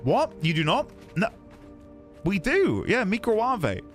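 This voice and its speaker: A man's voice: sits high, huge pitch swings, unhurried, a bit bright, soft background music. A British man casually chatting and rambling while streaming a game, laughing easily and answering his chat. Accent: British English. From United Kingdom.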